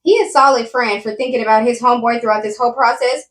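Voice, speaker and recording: A woman hosts a reaction commentary and speaks straight to her viewers, emphatic and given to repeating herself. Her voice sits high. She sounds a little distant from the mic in a roomy space. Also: quick pace. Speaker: commentary host.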